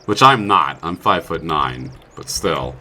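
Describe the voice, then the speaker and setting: With an extremely low, sharp-toned voice, animated but at a measured pace, a young streamer commentates his survival gameplay. The let's play is chatty and self-mocking, with sudden startled outbursts.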